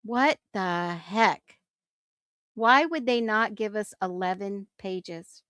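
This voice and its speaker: A woman's voice: medium pitch, slow pace, fairly bright tone, smooth, no echo, clean studio sound. A woman hosting a talk show, thinking aloud in casual commentary and reacting with incredulous exclamations. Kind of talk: casual commentary on case documents.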